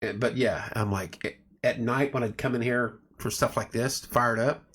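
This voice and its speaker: A man's voice: mid-range voice, fairly even intonation, moderate pace, fairly bright tone, slightly rough. A man hosting a casual home livestream, rambling through stories and greeting viewers by name. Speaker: livestream host. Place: home room at night.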